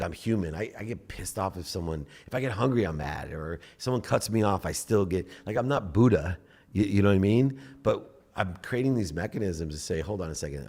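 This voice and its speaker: A middle-aged man with a very low voice speaks as an interview guest. He is animated and blunt, swears now and then, and jumps into acted-out inner dialogue. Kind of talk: casual interview talk.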